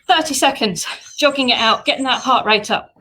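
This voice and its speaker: A fairly high-voiced woman talks a home workout class through each exercise. Her coaching is upbeat and chatty, and she sounds slightly out of breath as she moves. She is recorded by a camera set some distance away. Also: a little fast, bright, forceful tone. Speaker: fitness instructor. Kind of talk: live workout class instruction.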